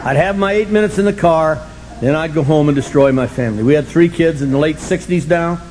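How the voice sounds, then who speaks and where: Older man, wry confessional storyteller, slightly high voice, erupts into shouts. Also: brisk, a little hiss or hum, low-quality recording. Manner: animated, sardonic, bursts into shouting. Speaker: speaker sharing his story at a recovery meeting.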